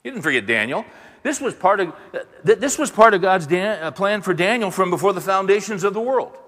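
A man preaching a sermon, animated and voicing the people in his story with dramatic quotes. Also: sits high, brisk. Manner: animated, voices the prophet and God in dramatic quotes. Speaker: pastor. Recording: long reverb of a large hall.

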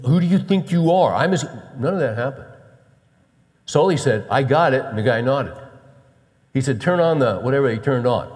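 A middle-aged male pastor telling a story from the pulpit, with a voice pitched right in the middle for a man. He swings from loud, excited bursts down to hushed, weighty emphasis, and his words trail off into the long echo of a big church hall. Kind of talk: storytelling sermon. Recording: long reverb of a large hall.

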